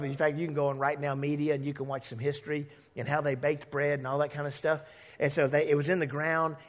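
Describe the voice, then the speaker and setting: A man preaching a sermon as a pastor, conversational and animated, acting out voices of characters and coaxing the congregation to repeat words. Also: a little high, long reverb tail.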